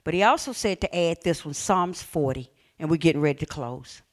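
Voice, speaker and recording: A woman preacher delivering an exuberant Pentecostal-style sermon, calling out to the congregation, swinging between shouts and hushed scripture reading. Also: low voice, lively intonation, brisk. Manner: calls out and has the congregation repeat lines.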